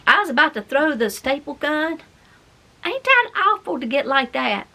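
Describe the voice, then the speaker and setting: A woman's voice: high voice, big pitch swings, moderate pace, bright, forceful tone. A middle-aged woman, chatting in a folksy, rambling way as she works on a craft project. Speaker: craft vlogger. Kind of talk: casual chat while crafting.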